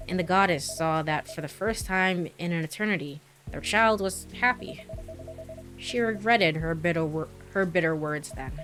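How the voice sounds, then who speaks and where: A woman's voice: lowish voice, a bit bright. A young woman streaming a game, reading its story aloud with giggles, stumbles over names and chatty asides. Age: young adult. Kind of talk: let's play, reading game text aloud. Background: faint game music.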